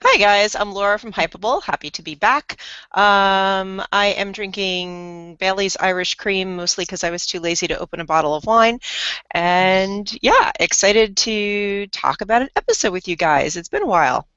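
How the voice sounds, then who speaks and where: A woman guest introducing herself on a casual video call, relaxed and easygoing. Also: mid-range voice, moderate pace, clear, resonant tone, no echo. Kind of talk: casual chat. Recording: dry, muffled call audio.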